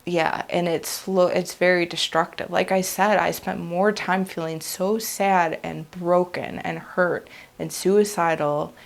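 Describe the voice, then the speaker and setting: A woman speaks slowly and earnestly, sharing a personal faith testimony in her own unscripted words. Her voice sits a little low and carries a noticeable gravelly fry. She sounds confessional and heartfelt. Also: steady tone. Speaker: vlogger sharing a religious testimony.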